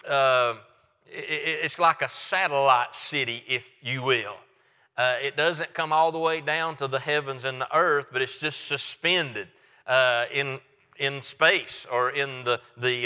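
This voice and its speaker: A man's voice: medium pitch, bright, forceful tone, smooth, long reverb tail. A male pastor giving a sermon and reading scripture aloud, talking in a conversational way with frequent restarts. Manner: conversational with many restarts and fillers.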